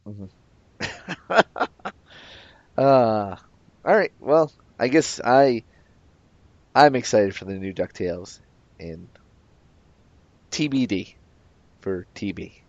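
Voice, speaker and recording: A man's voice: on the low side, takes it slowly, pauses often, darkish tone, no room sound. A man co-hosting a casual podcast, rambling hesitantly with lots of fillers. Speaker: podcast co-host. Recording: dull, dry lo-fi audio.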